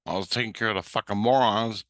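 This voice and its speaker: A man's voice: lowish voice, quick pace, no echo, studio quality. A man rambling in a profane, ranting monologue. He acts out both sides of a conversation as he tells it. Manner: profane, ranting, animated retelling. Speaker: vlogger.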